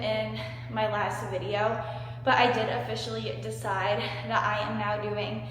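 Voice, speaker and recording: A woman's voice: medium pitch, flat delivery, a little slow, a bit bright, slight background noise. A woman vlogging after a home workout, chatty and upbeat, still out of breath, talking straight to her viewers. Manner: upbeat, chatty, says "you guys" and "like" a lot. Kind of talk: casual vlog chat. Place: home workout space, indoors. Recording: very echoey room with light music.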